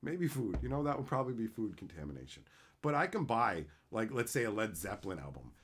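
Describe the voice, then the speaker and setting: A man chatting casually with his livestream viewers, crude and joking, swearing freely as he tells animated bits. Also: lowish voice, brisk, slightly rough. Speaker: streamer answering chat.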